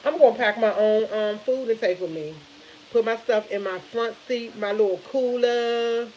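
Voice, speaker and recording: A woman's voice: on the high side, moderate pace, darkish tone, dull audio, slight background noise. A woman chatting casually on a live stream, rambling and retelling conversations with family. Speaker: vlogger.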